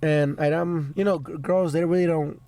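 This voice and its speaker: A male podcast host with a fairly high, steady, dark-toned voice talks at a normal speed with no room sound. His voice is worn out from illness as he tells a rambling story in casual chat, stammering and swearing a lot.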